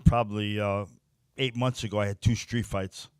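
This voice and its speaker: A man's voice: on the low side, little pitch movement, normal speed, clean tone, no room sound, clean studio sound. An older man with a New York accent, bluntly telling stories as an interview guest and often repeating words. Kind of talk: casual storytelling.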